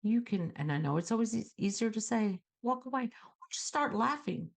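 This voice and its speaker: A middle-aged woman hosting a self-help talk show, coaching viewers in an animated way and acting out calm self-talk. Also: on the high side, normal speed, gravelly. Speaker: host.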